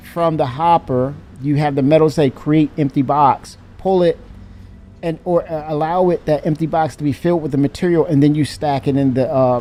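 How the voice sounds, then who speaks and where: A man in casual live-stream chat, animated and laughing as he talks to his chat. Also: a little high, slight background noise.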